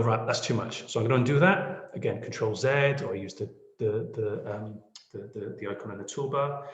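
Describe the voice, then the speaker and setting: Chatty man teaching in an echoey room. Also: mid-range voice. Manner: chatty, self-deprecating, checks in with "okay?" and "yeah?". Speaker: podcast editing tutor. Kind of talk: screen-share webinar tutorial.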